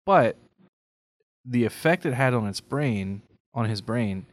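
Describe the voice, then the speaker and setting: A man's voice: mid-range voice, animated, slow pace, no room sound, clean studio sound. A man co-hosting a casual faith podcast, talking earnestly and thoughtfully, often checking in with "right?". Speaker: podcast co-host.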